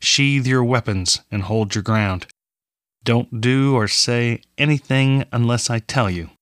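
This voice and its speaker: A man voicing a stern, commanding male warrior who leads a group, giving terse orders in a lower, quieter voice than his narration. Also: slow pace, dry recording, clean studio sound.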